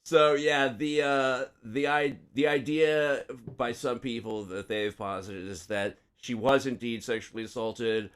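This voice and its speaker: A man's voice: mid-range voice, a little slow, few pauses, clear, resonant tone. A man hosting a casual true-crime podcast chat, rambling, swearing freely and correcting himself as he goes. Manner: rambling, profane, self-correcting. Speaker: podcast host.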